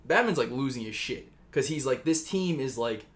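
A man chats casually, telling a long story with plenty of swearing. He rambles and jumps in to act out the characters' lines. His voice sits at an ordinary middle pitch. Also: expressive, normal speed, a bit bright. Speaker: podcast co-host pitching a story.

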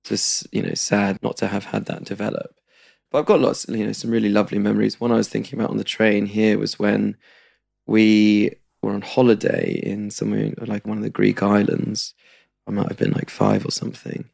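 Gravelly low-voiced man, chatty. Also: fairly even intonation, brisk, darkish tone. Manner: chatty, self-deprecating, laughs through sad stories. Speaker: podcast guest. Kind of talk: candid personal conversation.

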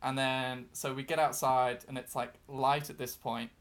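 A podcast guest from outside Britain tells a long, casual story, full of fillers, restarts and self-deprecating jokes. His voice is medium-pitched, level and fairly bright, moving at a normal speed.

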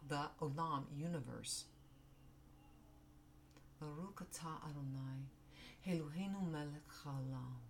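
A woman giving a devotional talk, reading scripture verses in a reverent, measured way with emphatic rises. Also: low voice, slight background noise. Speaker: devotional speaker.

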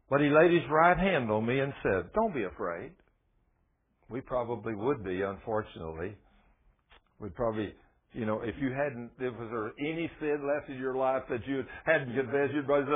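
Husky, lively preacher on tinny radio. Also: male voice, medium pitch, normal speed. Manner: lively, folksy, swings from soft to excited. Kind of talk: radio sermon. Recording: tinny phone-like radio sound.

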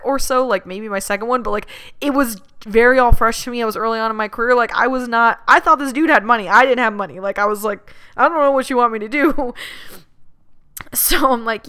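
A woman's voice: on the high side, a bit bright, clean tone. A young woman casually telling a personal story, chatty, with lots of "like" and laughter. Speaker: podcast host.

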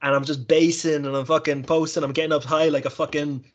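A young man talks in a loose, sweary podcast chat. His voice sits a little higher than most men's. He rants and jokes his way through stories. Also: little pitch movement, dull audio. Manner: sweary, ranting, quick to laugh. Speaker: podcast host. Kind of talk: casual chat.

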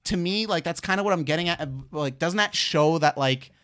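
A young man co-hosting a casual podcast, reflecting out loud in hesitant, searching phrases. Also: a little high, fairly quick. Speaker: podcast co-host. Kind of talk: casual chat.

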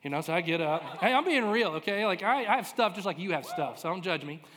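Man, pastor, lively storytelling sermon, slightly high voice, long church-hall reverb. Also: fast. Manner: animated, self-deprecating, excitable.

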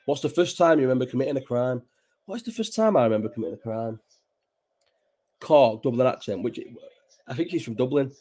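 A man's voice: mid-range voice, animated, a little fast, pauses often, dark tone. A man, rambling and chatty and swearing freely while hosting a casual late-night live chat from home. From Bolton, England. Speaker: live stream host. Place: at home at night, child nearby.

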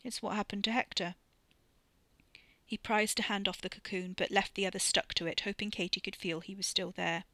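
A woman narrating an audiobook in a steady, measured storytelling voice. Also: mid-range voice, dry recording. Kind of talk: scripted narration.

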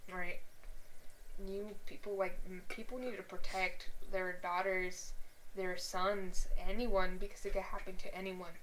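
A woman's voice: medium pitch, slight background noise. A young woman on a podcast telling a personal story casually, swearing often and acting out what people said. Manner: swears a lot, animated, acts out quotes. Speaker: podcast co-host.

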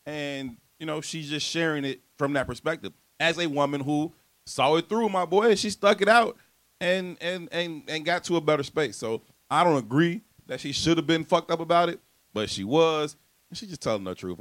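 A man's voice: fairly high pitch, normal speed, fairly bright tone. A man co-hosting a casual podcast, speaking in with a laid-back, reflective manner and frequent restarts. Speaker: podcast co-host.

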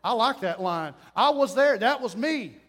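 A pastor with a drawl delivers a lively sermon. His voice sits very high for a man. He keeps slipping into acted-out voices and little scenes to make his point. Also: normal speed. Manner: animated, acts out voices and scenes.

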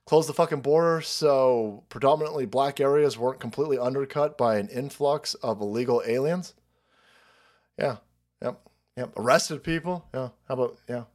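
A man hosting a stream, ranting profanely and mockingly as he reacts to clips. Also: mid-range voice. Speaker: stream host.

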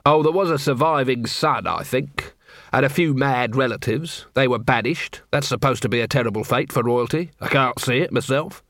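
A man's voice: medium pitch, normal speed, fairly bright tone, dry recording, natural voice. A man voicing a dry, world-weary middle-aged watch captain in an audiobook.

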